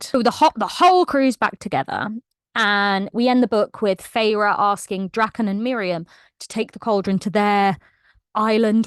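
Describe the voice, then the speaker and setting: High-voiced woman recapping a book. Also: no room sound. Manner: animated, laughing, heavy use of "like". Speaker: book vlogger.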